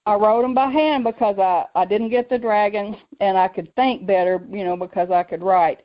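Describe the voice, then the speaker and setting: Woman storyteller, lively, muffled radio sound. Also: mid-range voice, moderate pace. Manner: lively, acts out quoted voices, laughs often. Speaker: radio show host telling her story. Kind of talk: personal storytelling on faith talk radio.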